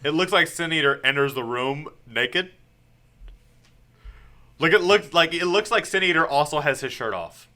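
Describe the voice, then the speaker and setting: A man co-hosting a podcast, casually recapping a comic book, acting out characters' lines with laughter. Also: on the high side. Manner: animated retelling with quick acted-out quotes and laughs. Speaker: podcast co-host.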